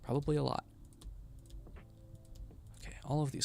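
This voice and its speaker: A man's voice: a little high, flat delivery, a little slow, vocal fry, pushed and bright, dry recording. A tired man chatting casually on a live stream while building a game, often mumbling to himself.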